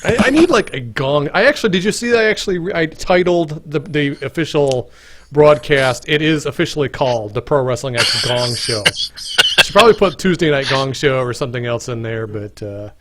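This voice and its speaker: A man's voice: on the high side, animated, moderate pace, a bit bright, a little hiss or hum. A man hosting a game development livestream in casual chat, rambling with many fillers and restarts.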